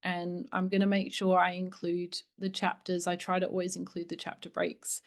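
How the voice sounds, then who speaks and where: A woman hosting a spiritual reading, reading a book aloud in a soft, gentle, hushed way with her own commentary, sometimes dropping to near a whisper. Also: on the low side, completely flat delivery, moderate pace. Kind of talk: slow meditative reading with commentary.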